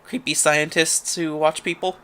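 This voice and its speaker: A man casually commenting while playing a game, thinking out loud with chatty asides. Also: a little high, flat delivery, moderate pace, clear, resonant tone. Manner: chatty, thinking aloud with fillers and laughs. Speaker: let's play host.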